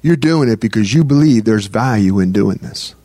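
A man's voice: on the low side, lively intonation, mellow, dry recording. Repetitive, conversational male preacher, dry sound. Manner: repeats phrases, stammers restarts, reads scripture slowly. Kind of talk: sermon.

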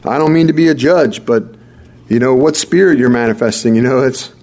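A man's voice: medium pitch, a little fast, darkish tone. A man preaching a sermon, emphatic and repetitive, often restarting his words. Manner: emphatic, repeats key phrases, stammering restarts.

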